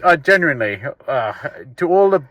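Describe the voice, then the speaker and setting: A man's voice: on the high side, big pitch swings, a little fast, fairly bright tone, no room sound, poor audio. Young guy chatting in a car. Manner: joking, teasing, swears freely. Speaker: podcast co-host. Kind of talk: casual chat. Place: inside a parked car.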